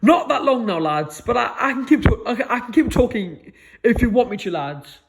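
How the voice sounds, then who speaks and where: A man rambling in a solo recording, stammering and restarting, and tagging phrases with a low muttered "lads". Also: expressive, normal speed, gravelly. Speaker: vlogger.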